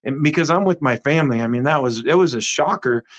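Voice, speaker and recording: A middle-aged man with a fairly high voice recounts a personal faith testimony as an interview guest. He speaks earnestly and with animation, often restarting his sentences as he tells the story. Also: quick pace, highs cut off.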